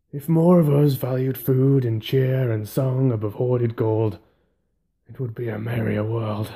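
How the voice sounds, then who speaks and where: A man voicing a dying dwarf king who speaks slowly and solemnly. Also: medium pitch, dark tone, slightly rough. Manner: slow, solemn.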